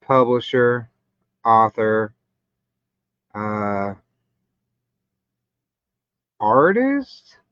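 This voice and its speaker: A man's voice: mid-range voice, sing-song, very slow, pauses often, clear, resonant tone, no room sound. A man hosting a casual live chat, talking in a laid-back, rambling way over a stream. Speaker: livestream host. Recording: muffled lo-fi stream audio.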